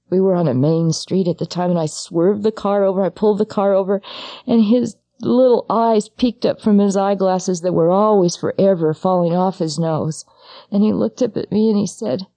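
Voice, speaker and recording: A middle-aged woman, a psychologist who is also a grieving mother, gives a personal talk on grief. She speaks straight to the listener in a halting, intimate way, her warm, mid-range voice recorded with no room sound.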